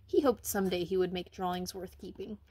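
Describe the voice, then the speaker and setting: A woman reading a children's picture book aloud, with gentle, expressive storytelling. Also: lowish voice, a little fast, husky. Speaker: reader.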